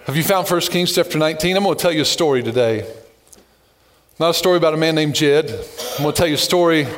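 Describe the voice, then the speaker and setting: A male pastor preaching a lively sermon, reading scripture and telling stories with joking asides. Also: fairly high pitch, fast talker.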